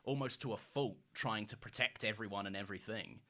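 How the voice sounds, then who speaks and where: A man co-hosting a podcast in casual chat, animated and laughing often, with quick restarts. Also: lowish voice. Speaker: podcast co-host.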